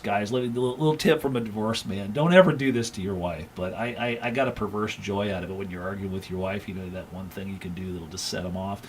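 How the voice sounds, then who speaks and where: A man's voice: fairly low pitch, slight background noise, poor audio. Rambling man chatting on a livestream. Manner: rambling storyteller, frequent fillers and laughter. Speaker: crypto market analyst and stream host. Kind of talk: casual livestream chat with anecdote.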